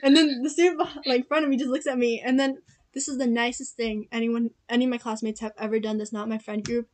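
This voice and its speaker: Young woman, a bit high-pitched, in a laid-back chat; giggly, rambling storyteller. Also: fairly even intonation, fast talker, a little mellow. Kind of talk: casual chat.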